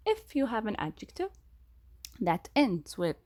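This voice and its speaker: A woman's voice: on the high side, very animated, unhurried, darkish tone. A woman teacher explaining a grammar lesson, repeating key words and asking the class questions.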